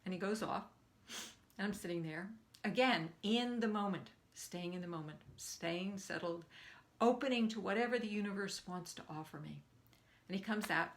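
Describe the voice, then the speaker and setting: An older woman coaching a live online group, telling a personal story and acting out the quoted lines with lively jumps in pitch. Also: normal speed. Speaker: speaking coach.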